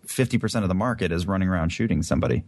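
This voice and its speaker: A middle-aged man with a New Jersey accent, a voice actor talking casually as a guest in a relaxed, wry way. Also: sits low, very fast, no room sound. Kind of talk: casual interview chat.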